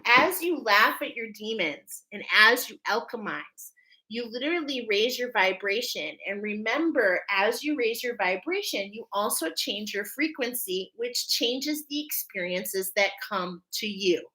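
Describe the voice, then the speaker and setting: Woman card reader going live: bright, emphatic delivery, emotional, preacher-like, always checking in with listeners. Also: on the high side, lively intonation, unhurried, rough recording. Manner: emphatic, checks in with "okay?" constantly. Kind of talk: live oracle card reading.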